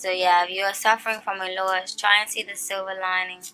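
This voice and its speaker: A woman giving a casual tarot reading to her viewers. She is chatty and animated, often checks in with "okay?", and slows down to stress her points. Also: medium pitch. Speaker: tarot reader.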